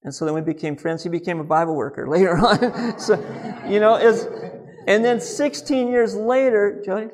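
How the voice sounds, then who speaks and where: A man with a somewhat high-pitched voice gives a relaxed, conversational sermon. He is middle-aged and earnest, mixing scripture with folksy personal storytelling and quiet asides. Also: normal speed. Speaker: speaker on Christian living.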